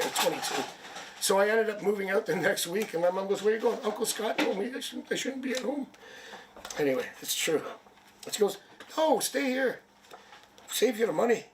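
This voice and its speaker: A man's voice: sits high, distant mic, noisy background. A man from Canada reading tarot on a live stream, chatty and rambling, with jokes, a sniffle and a headache. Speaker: tarot reader.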